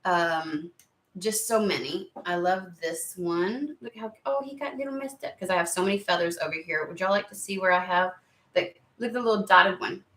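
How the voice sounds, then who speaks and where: A woman's voice: fairly low pitch, normal speed, fairly bright tone, roomy sound. A woman giving a casual tarot reading to camera, chatty and rambling, easily sidetracked. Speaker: tarot reader.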